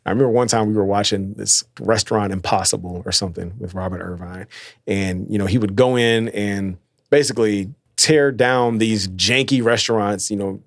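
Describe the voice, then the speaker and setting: Low-voiced, chatty man hosting a podcast. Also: no room sound, studio quality. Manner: chatty, loose, full of fillers and slang. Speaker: podcast host. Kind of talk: casual motivational podcast talk.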